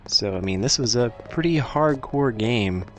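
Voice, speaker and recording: A man's voice: mid-range voice, lively intonation, normal speed, fairly bright tone, soft background music. A man hosting a let's play, giving casual gameplay commentary that is rambling, self-deprecating and thinking aloud.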